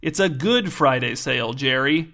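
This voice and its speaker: A man's voice: fairly high pitch, a little fast, a bit bright, natural voice. A man voicing an earnest father who lectures and argues his point with eager conviction. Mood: earnest, persuasive.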